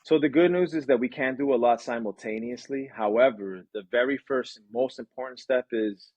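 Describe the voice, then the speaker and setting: Man, husky voice, energetic interview answers, dry, dull recording. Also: mid-range voice, fairly quick, no room sound. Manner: energetic, uses sound effects and acted quotes. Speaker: branding agency owner.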